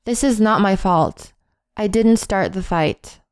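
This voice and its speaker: A woman reading a list of English phrases in a calm, measured way, with deliberate pauses between them. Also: medium pitch, clear, resonant tone, no echo, studio quality. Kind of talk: slow read-aloud phrase list.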